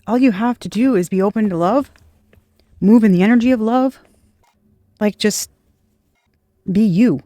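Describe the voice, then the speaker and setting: A tarot reader giving a casual, rambling intuitive reading straight to viewers, with soft laughs and the odd swear word. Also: medium pitch, a little slow, long pauses, dry recording. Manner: rambling, chatty, speaks to unseen viewers.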